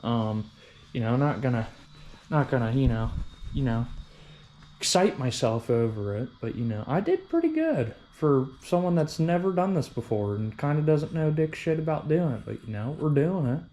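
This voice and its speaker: A young hobbyist who restores vehicles talks casually in his home workshop, rambling, swearing freely and poking fun at himself while explaining his repairs. His medium-pitched voice is very animated, with a moderate pace and a dark tone.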